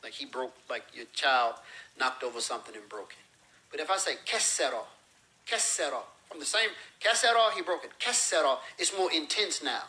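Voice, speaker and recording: A man gives an explanatory lecture in a bright, fairly high voice. He illustrates his points with everyday examples, acting out short phrases along the way. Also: fairly quick, poor audio. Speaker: religious teacher.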